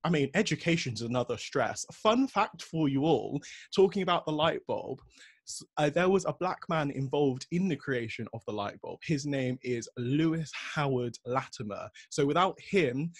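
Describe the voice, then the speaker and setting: A young man hosting a podcast, telling stories in a passionate, animated way during a casual discussion. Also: medium pitch, moderate pace, breathy edge, no echo. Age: young adult. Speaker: podcast host.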